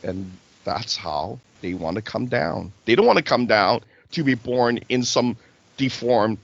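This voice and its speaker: A man's voice: medium pitch, animated, measured pace, creaky, dull audio, background noise. A man hosting a casual spiritual talk show, preaching and checking in with "right?" and "okay?".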